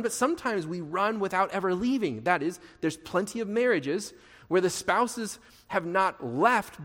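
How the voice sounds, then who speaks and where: A man's voice: a little high, long reverb tail. A pastor preaching a sermon, repeating his key phrases and asking the congregation questions.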